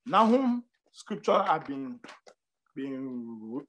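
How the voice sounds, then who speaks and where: A preacher giving a sermon, repeating words and phrases emphatically, with sudden swings of pitch and loudness. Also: big pitch swings, very slow, slight background noise.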